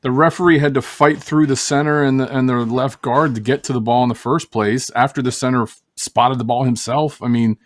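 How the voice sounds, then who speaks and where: A man's voice: mid-range voice, fairly even intonation, fairly quick, hardly any pauses. A man co-hosting a casual sports talk show, wry and analytical. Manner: wry, analytical, laughs at the absurd.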